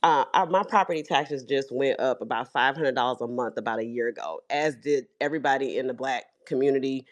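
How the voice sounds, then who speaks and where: Chatty woman caller. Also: a bass voice. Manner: chatty, detailed storytelling.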